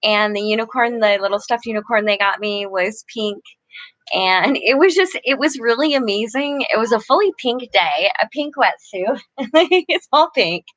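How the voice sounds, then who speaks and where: A woman's voice: a little high, lively intonation, moderate pace, fairly bright tone, dry recording. A middle-aged woman hosting a casual live chat, talking earnestly and gushing with many restarts. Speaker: livestream host.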